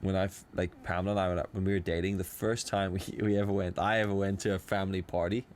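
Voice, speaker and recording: A young man from South Africa, chatting casually on a podcast with a fairly low voice. He tells his stories with animation, swears freely and slips into little voices for the people in them. The sound is clean and close from a studio microphone. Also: flat delivery, fast talker, darkish tone, slight background noise. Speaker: podcast co-host. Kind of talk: casual chat.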